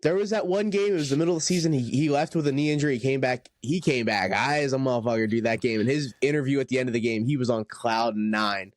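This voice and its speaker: Slangy, excitable young man, dry mic. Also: mid-range voice, quick pace, few pauses, no room sound. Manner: excitable, slangy, says "dude" a lot. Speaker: podcast co-host. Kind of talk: casual sports chat.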